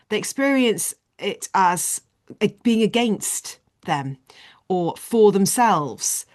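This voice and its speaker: A woman leading leadership training online explains concepts animatedly over a video call. Her voice is medium in pitch.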